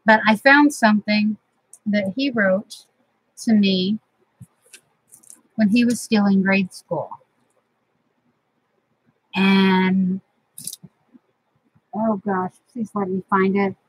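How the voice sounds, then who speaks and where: A woman's voice: mid-range voice, fairly even intonation, slow, pauses often, breathy edge, no echo, low-quality recording. A middle-aged woman, chatting casually and sentimentally as host of a crafting vlog from her home craft room.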